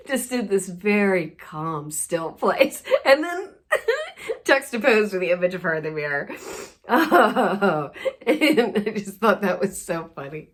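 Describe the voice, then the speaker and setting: Her voice sits on the high side, sing-song and a little slow, as she hosts a wellness podcast. Laughing often, she tells a funny story in an easygoing monologue before easing into a soft, soothing, gentle wrap-up.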